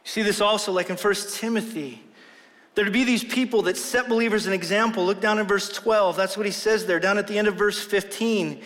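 A pastor preaches a sermon in a church sanctuary, earnest and emphatic, slipping in self-deprecating jokes. His voice is high and a bit bright, with fairly even intonation and a slightly fast pace. The large hall gives it a long reverb.

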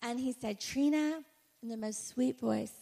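A woman speaker giving an animated personal testimony to a conference audience, full of "like" fillers. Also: fairly high pitch, moderate pace, vocal fry, slightly rough. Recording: echoey hall reverb.

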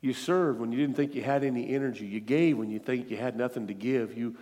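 A man's voice: medium pitch, fairly quick, warm tone, long reverb tail. A middle-aged man preaching an emotional sermon, earnest and pleading as he tells a story, tearful at times. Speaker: guest preacher. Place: church sanctuary.

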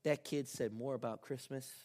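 A man preaching a sermon as pastor, telling a story with lively ups and downs and soft, earnest appeals. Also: medium pitch, normal speed.

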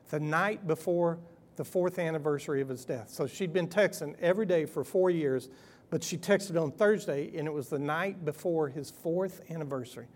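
A middle-aged man, a pastor telling a story in a folksy, conversational sermon, chuckling and acting out quoted texts. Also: sits high.

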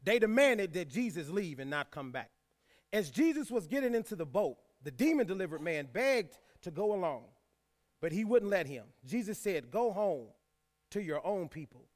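A man's voice: high-pitched, sing-song, moderate pace. A man preaching a sermon, reading scripture aloud and repeating key lines for emphasis, with folksy asides to the congregation. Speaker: pastor.

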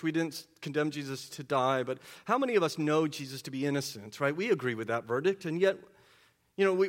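A man preaching a sermon, asking the congregation rhetorical questions and swinging between hushed and loud delivery. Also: on the high side. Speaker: pastor.

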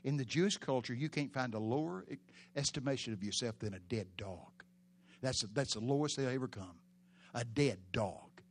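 A man preaching a sermon, telling the story dramatically with sudden shouted peaks. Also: medium pitch, animated, moderate pace, slight background noise.

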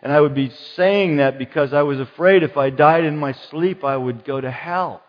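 A man preaching a sermon as pastor, lively and dramatic, acting out the voices of the people in his story. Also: a little high, normal speed. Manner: animated, acts out quoted voices. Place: church. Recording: muffled church hall sound with long reverb.

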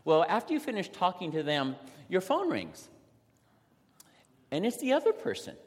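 Animated male pastor in an echoing hall. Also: high voice. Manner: animated storytelling with dramatic pauses. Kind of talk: sermon. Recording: long reverb of a large hall.

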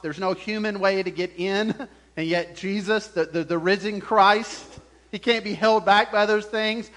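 A man preaching a sermon as pastor, animated, chuckling often and acting out the voices he quotes. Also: sits high.

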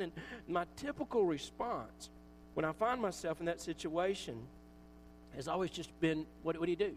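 A man's voice: high voice, slight background noise, rough recording. A pastor preaching a casual, conversational sermon, joking at his own expense and acting out little asides. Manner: conversational, self-mocking, with acted asides.

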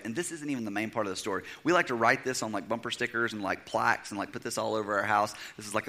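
A young adult man preaching a sermon, swinging from loud, emphatic stretches down to a hushed near-whisper. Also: on the low side. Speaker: pastor.

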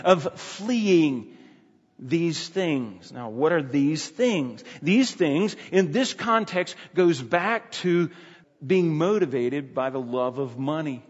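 A man's voice: fairly high pitch, animated, slow, breathy edge. A man preaching an expository sermon, emphatic, repeating key phrases and often restarting sentences. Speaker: pastor. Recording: dull sound with long hall reverb.

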